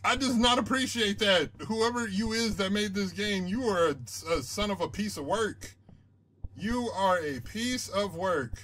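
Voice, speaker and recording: A young man plays through a horror game and narrates as he goes, rambling, swearing and yelling back at whatever jumps out at him. His voice sits high for a man and sounds bright and sharp. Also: a little slow, slight background noise. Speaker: let's play gamer.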